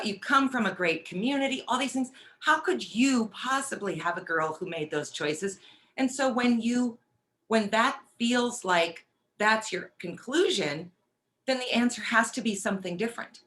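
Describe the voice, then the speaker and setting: A woman's voice: mid-range voice, animated, normal speed, a bit bright. A woman hosting a casual chat, reflective and empathetic with her guest. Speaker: host.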